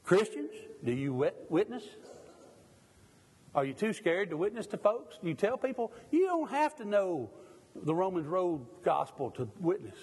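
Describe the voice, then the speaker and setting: Middle-aged preacher, fervent, questions the congregation, lively high delivery, echoing in a church. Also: male voice, unhurried, husky. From Mississippi, USA. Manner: fervent, asks the congregation pointed questions, jokes at himself. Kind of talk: sermon.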